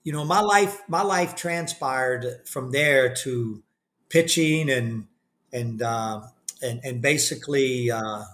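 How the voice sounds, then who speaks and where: A man's voice: mid-range voice, fairly bright tone. An older man telling a candid story in an interview, rambling with restarts and fillers. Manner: acts out the voices of people he quotes; candid and self-deprecating. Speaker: podcast guest.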